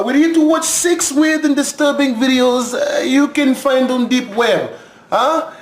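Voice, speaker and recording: A man voicing a deadpan male Russian host who is filling in, with a put-on Russian accent. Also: extremely high pitch, reverberant.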